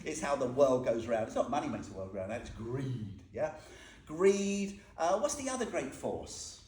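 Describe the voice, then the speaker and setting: A man's voice: mid-range voice, sing-song, moderate pace, a little mellow. A man giving an informal, humorous Buddhist talk, quizzing his listeners as he goes. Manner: chatty and humorous, asks the audience questions. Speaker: Buddhist teacher. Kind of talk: informal dharma talk to a group. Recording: echoey room with faint noise.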